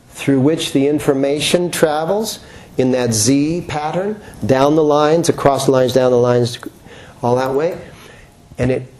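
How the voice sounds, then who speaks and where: At the start of a yoga class, a male teacher addresses a roomful of people in a laid-back, humorous way, frequently asking rhetorical questions to check in. His voice is medium-pitched.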